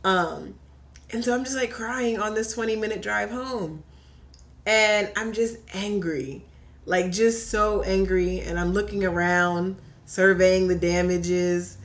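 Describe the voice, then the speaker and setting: Animated woman telling a story. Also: medium pitch, slow. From Hampton Roads, Virginia. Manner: animated storyteller, acts out quoted voices. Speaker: podcast guest. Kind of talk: casual chat.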